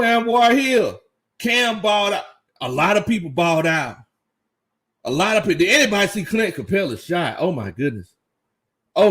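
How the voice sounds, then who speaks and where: A man hosting a casual live fan reaction stream, excited, laughing often and reading out chat comments. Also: high voice. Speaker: sports fan livestream host.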